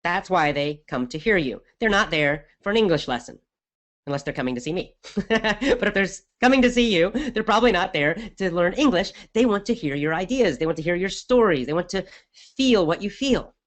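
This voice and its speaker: On his podcast, a middle-aged English teacher answers listener questions with energy and emphasis in a conversational style. His voice sits high and he speaks briskly.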